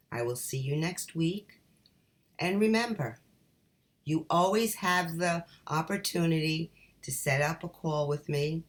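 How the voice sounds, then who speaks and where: A middle-aged woman coach giving calm, encouraging advice straight to her viewers, whom she calls ladies. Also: low-pitched. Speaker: life coach. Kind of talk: motivational talk to camera.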